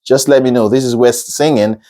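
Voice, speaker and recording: A man giving a singing lesson on pronunciation, sounding words out slowly and checking in with "okay?", then rising higher to encourage viewers. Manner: lively, rises high when encouraging viewers. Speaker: singing teacher.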